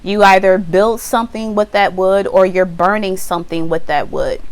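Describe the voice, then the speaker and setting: A woman giving a casual tarot reading to camera outdoors, chatty and animated, now and then acting out the viewer's voice. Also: medium pitch, moderate pace. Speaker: tarot reader. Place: outdoors on a windy day. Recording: wind noise, slightly distant mic.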